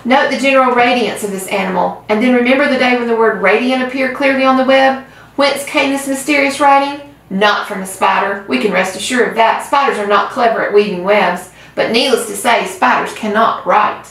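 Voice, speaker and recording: A woman's voice: fairly high pitch, brisk, a bit bright. A woman reading aloud voices a grand, formal male fair announcer making a pompous speech. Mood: grandiose. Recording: roomy, far from mic.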